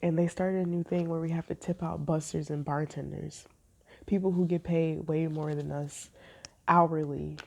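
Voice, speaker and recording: A woman's voice: low-pitched, little pitch movement, normal speed, gravelly, darkish tone. A woman tarot reader telling a story in a blunt, emphatic way, with a lot of swearing. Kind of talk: casual storytelling.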